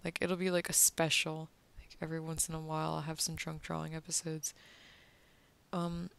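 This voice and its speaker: Drunk woman, slurred rambling, curses a lot, lowish pitch, gravelly, dry close sound. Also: monotone, moderate pace, fairly bright tone, dry recording. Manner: rambling, cursing, drifting into murmurs. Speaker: artist vlogger drawing on camera. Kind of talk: rambling casual commentary while drawing.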